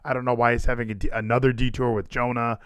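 A man hosting a casual wrestling chat, animated and chatty, laughing often. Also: medium pitch, fast, smooth, no echo, clean studio sound. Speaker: podcast host.

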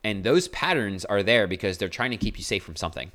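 Man, young adult, podcast host, low-pitched, blunt, earnest, motivational. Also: lively intonation, quick pace, a bit bright. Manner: blunt and earnest, self-described aggressive tone. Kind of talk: casual motivational monologue.

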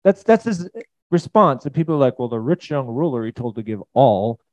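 A man preaching a sermon as pastor, animated and jokey, with sudden loud peaks. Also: medium pitch, brisk, no room sound.

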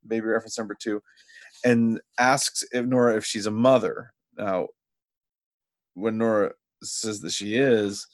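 Low-ish guy podcast host, going over the plot bit by bit, lots of restarts. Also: steady tone. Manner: retells plot step by step, halting restarts. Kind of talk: casual episode recap chat.

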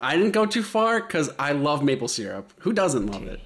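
Laid-back man with a lively voice. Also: on the high side, normal speed. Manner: laid-back, swears casually. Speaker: podcast co-host. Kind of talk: casual podcast chat. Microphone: remote call mic.

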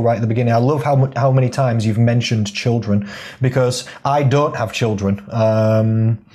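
A man's voice: mid-range voice, mellow. A man, a fitness coach hosting a casual podcast chat, candid and laughing often as he swears freely.

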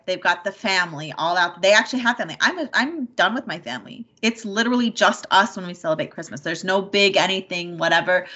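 Halting, bright-voiced woman opening up. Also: mid-range voice. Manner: halting, repeats words, many "like" and "you know". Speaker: mother sharing personal struggles. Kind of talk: candid personal conversation. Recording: dull lo-fi sound.

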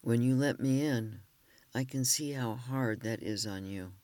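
A man's voice: medium pitch, a little slow, a little mellow, no echo, natural voice. A man reading a frustrated, earnest wife. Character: frustrated wife explaining calmly.

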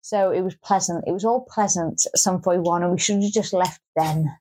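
A woman's voice: fairly low pitch, moderate pace, dark tone. A woman co-hosting a podcast in casual chat, wry and grumbling, with lots of restarts and swearing. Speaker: podcast co-host.

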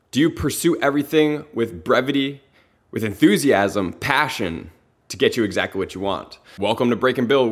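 Earnest motivational podcast host, man. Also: mid-range voice. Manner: earnest, lots of rhetorical questions and "like" fillers.

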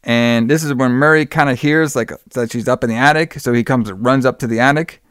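A man's voice: mid-range voice, a little fast, fairly bright tone, clear, resonant tone, dry recording, clean studio sound. A man casually recapping a movie plot, rambling with many fillers and acting out the characters' lines in a raised voice. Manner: rambling, lots of fillers, acts out quotes in a raised voice. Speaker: podcast host recapping a movie. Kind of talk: casual chat.

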